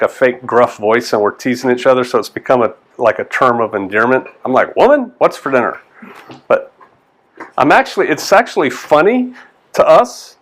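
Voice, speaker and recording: A man, a pastor giving a conversational sermon in a folksy way and acting out the quoted lines in different voices. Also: medium pitch. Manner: folksy, animated, acts out quotes in changing voices.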